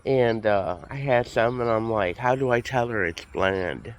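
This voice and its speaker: A man, stuffed up with a cold, tells a story at an unhurried pace in a casual vlog. He is chatty and recounts each conversation as it happened, with faint noise behind him. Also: mid-range voice. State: congested, sick with a cold. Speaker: vlogger.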